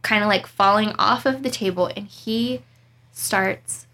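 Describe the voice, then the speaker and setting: A young woman telling a story in casual chat, animated and dramatic, laughing as she goes. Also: medium pitch, a little slow. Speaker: storyteller guest.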